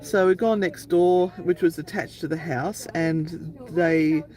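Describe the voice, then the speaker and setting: Co-hosting a paranormal live stream, a woman tells a long, wandering travel story in a chatty way. She speaks slowly in a low, mellow, steady voice, and the audio quality is poor.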